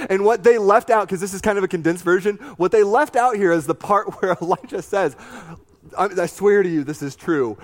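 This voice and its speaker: A man delivers a sermon in a higher-pitched voice, moving between scripture reading and lively, conversational commentary. He talks to his listeners directly and slips in jokey asides. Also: normal speed. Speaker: pastor.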